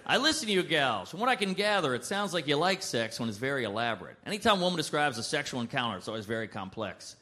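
A man performing a stand-up comedy set on a club stage, with a punchy, brash delivery and quick asides. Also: mid-range voice, expressive, pushed and bright, a little hiss or hum.

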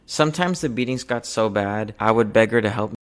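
A young man telling a personal story from his childhood in an earnest, measured way, going quiet on the painful moments. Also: on the low side. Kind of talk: personal spoken-word storytelling.

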